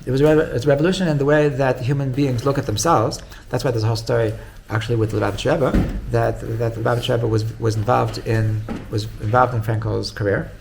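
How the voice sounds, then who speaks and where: A man's voice: mid-range voice, fairly even intonation, fast, creaky, few pauses, noisy background. A man, a rabbi, giving an informal Torah class in a conversational way. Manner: conversational, retells stories with quoted dialogue.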